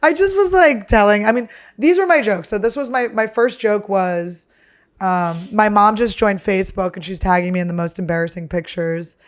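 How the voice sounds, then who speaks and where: A woman's voice: mid-range voice, moderate pace. A woman comedian hosting a podcast, telling stories in a casual, chatty way, swearing freely and laughing as she talks. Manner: animated, laughs through her stories. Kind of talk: casual storytelling.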